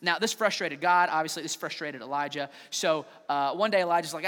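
A high-voiced man preaching a lively sermon, acting out voices with a playful bite. His voice rings through a large hall with a long echo. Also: fast talker, hardly any pauses. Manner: animated storytelling with playful trash-talk voices.

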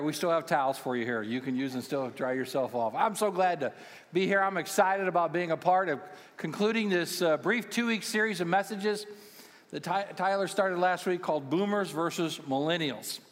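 In a large church auditorium, a man in his sixties who serves as a pastoral care minister preaches a sermon, sharing humorous, self-deprecating stories with the congregation. His voice is a little high and moves at normal speed, and the recording carries the long reverb of a church hall.

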